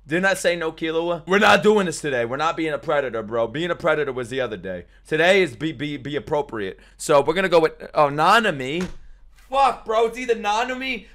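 A young man streaming casual reaction commentary, excitable and profane, jumping between loud outbursts and mumbled asides. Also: fairly high pitch.

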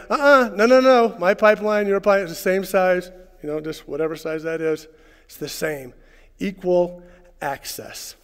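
A man's voice: high-pitched, normal speed, clean tone. Preaching man, reverberant church. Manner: preacherly, rising to shouts and dropping to hushed tones. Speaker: pastor. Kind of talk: sermon. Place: church sanctuary.

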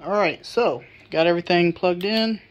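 A woman's voice: lowish voice, normal speed, slight background noise. A woman narrating a casual computer repair vlog, chatty and thinking aloud with frequent restarts.

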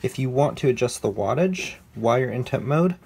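A man casually walking viewers through a device's menu settings in a relaxed, conversational way, correcting himself as he goes. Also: mid-range voice, fairly quick, creaky. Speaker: product reviewer. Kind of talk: casual how-to demonstration.

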